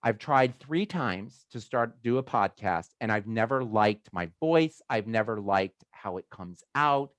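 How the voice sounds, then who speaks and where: A man from the United States hosting a video call, talking casually in a rambling way with animated asides. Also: fairly low pitch, a little slow, hardly any pauses, no echo. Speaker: host of a motivational video call. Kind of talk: casual chatty talk.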